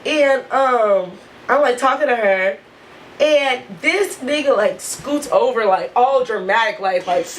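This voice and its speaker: A woman vlogger telling a storytime in an animated, profane way, saying "like" constantly. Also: on the high side, measured pace, a little hiss or hum, rough recording. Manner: animated, profane, heavy use of "like". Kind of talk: storytime vlog.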